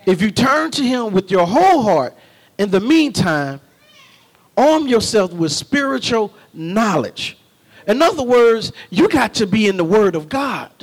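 A man preaching a sermon, folksy and calling on the congregation, rising to shouts. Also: high voice, big pitch swings, measured pace. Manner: call-and-response, folksy, shouting at peaks.

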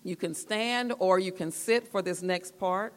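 A woman's voice: fairly low pitch, a little slow. A woman leading a church group through an exercise and a devotional talk, patient and repeating her instructions. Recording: long echoey hall reverb.

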